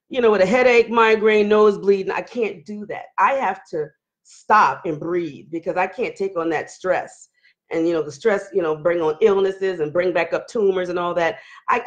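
A hoarse woman hosting a casual livestream, talking loud and candid while she reads viewer comments. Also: medium pitch. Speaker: livestream host. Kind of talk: casual live chat reading viewer comments.

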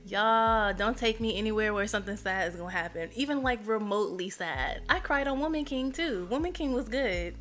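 A woman live streamer chatting casually with her viewers, emotional and expressive. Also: mid-range voice, fairly quick, hardly any pauses, faint music behind.

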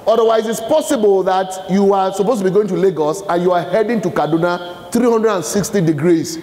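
High-voiced Nigerian man addressing a crowd. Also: fairly quick, dark tone. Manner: questioning the crowd, fill-in-the-blank prompts. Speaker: motivational speaker. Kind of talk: live leadership talk to an audience. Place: large hall with a live audience. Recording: echoey hall with long reverb.

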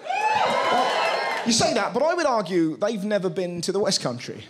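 A male stand-up comedian from England reading a passage aloud in exaggerated regional accents on a comedy stage, shouting the punchlines. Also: high-pitched, huge pitch swings, fairly quick. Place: comedy stage before a laughing audience. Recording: loud live audience and crowd noise.

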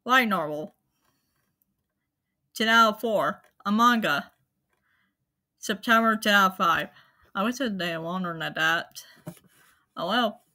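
A woman hosting her own channel, talking casually to viewers in a halting, apologetic way, with many fillers and restarts. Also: mid-range voice, sharp tone. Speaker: anime channel host. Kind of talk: casual spoken rundown to viewers.

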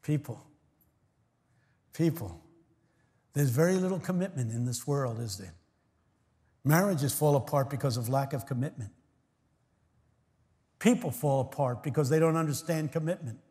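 An older American man preaching a sermon, telling stories with sudden swings from hushed words to shouts and acting out voices of his congregation. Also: medium pitch, expressive, moderate pace, long pauses. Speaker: guest preacher. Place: large church. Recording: long reverb of a large church hall.

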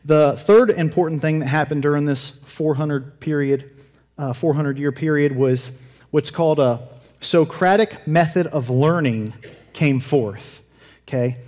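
A man's voice: on the high side, measured pace, darkish tone, in a large hall. A man preaching a sermon in a conversational, joking way, correcting himself and asking the congregation questions. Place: church.

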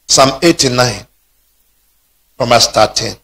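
A man preaching a sermon, rising into shouted peaks. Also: high voice, big pitch swings, moderate pace. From Nigeria. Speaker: pastor.

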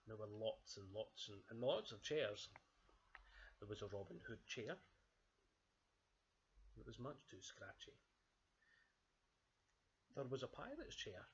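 A man reading a children's storybook aloud in an expressive, unhurried way. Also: on the low side, muffled recording, a little hiss or hum.

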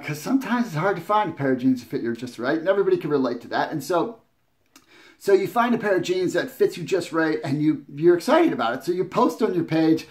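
A man giving casual advice to camera as a business coach, talking conversationally with many restarts and tag questions. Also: a little high. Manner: conversational, often adds "right?"; restarts and repeats words.

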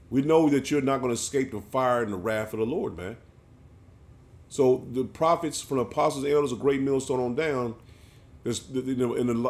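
A man's voice: medium pitch, a little mellow. A man preaching an emphatic sermon, often ending his phrases with "man". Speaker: street preacher.

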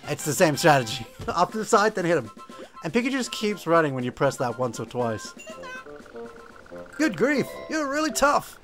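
A man giving casual gameplay commentary, self-mocking and quick to laugh at himself. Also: a little high, very animated, fairly bright tone, faint music behind. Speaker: game video commentator.

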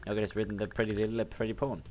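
A man's voice: on the low side, little pitch movement, racing, darkish tone, slight background noise, natural voice. A man reading the lines of an odd boy character who speaks of himself in the third person, while playing a video game.

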